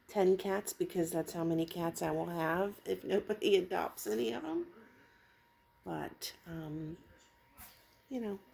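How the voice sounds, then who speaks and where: Woman host of a small home channel; unhurried, warm-dark gravelly voice, faint room noise behind. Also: lowish voice. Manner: soft, coaxing, slow-paced talk. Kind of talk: casual vlog talking to kittens. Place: home, indoors.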